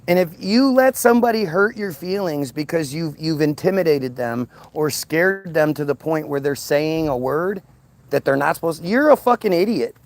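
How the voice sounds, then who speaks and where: Man, heated profane rant, stammering repeats, vlog monologue, slightly high voice. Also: expressive, normal speed. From United States. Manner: heated, stammers and repeats words, swears often. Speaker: vlogger.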